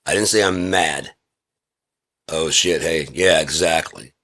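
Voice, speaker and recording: With an extremely low but fairly bright voice, a vlogger speaks slowly in an indoor room with a heater. He is alone, casual and profane, lecturing his way through a rambling rant.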